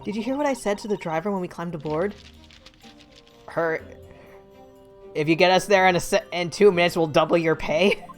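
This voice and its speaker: A woman voicing a spirited, polite young female assistant in a game, lively and cheerful. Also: fairly low pitch, moderate pace, pauses often, soft background music, close to an everyday voice.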